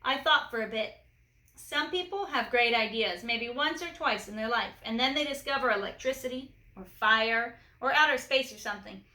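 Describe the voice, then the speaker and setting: Bright-voiced woman reading a storybook. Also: fairly high pitch, moderate pace, reverberant. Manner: lively, shifts voice for each character. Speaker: storyteller reading a children's book. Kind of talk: storybook read-aloud.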